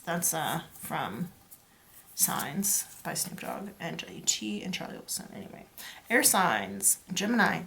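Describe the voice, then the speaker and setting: A woman's voice: fairly low pitch, big pitch swings, takes it slowly, vocal fry, a bit bright, a little hiss or hum. A woman giving a casual pick-a-card tarot reading, talking to her viewers in a chatty, playful way and jumping from one loose association to the next. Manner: free-associating, chatty and playful, addresses viewers as "you guys". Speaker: tarot reader.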